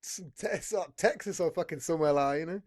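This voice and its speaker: A man's voice: fairly high pitch, fast talker. A man hosting a podcast, swearing constantly and talking in a rambling, blunt, casual way. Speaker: podcast host.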